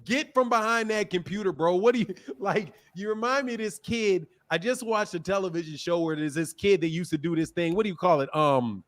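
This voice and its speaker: Speaking high-pitched and a little fast with hardly any pauses, a middle-aged boxing channel host taunts a caller during a live stream. He laughs often, leaning into the computer mic at his home desk as the argument heats up.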